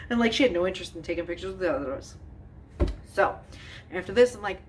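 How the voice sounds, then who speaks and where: A woman's voice: medium pitch, brisk, recorded from a distance, background noise. Chatty, exasperated woman vlogger. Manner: chatty, exasperated, laughs often, many fillers. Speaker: home cooking vlogger. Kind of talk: casual storytime while baking.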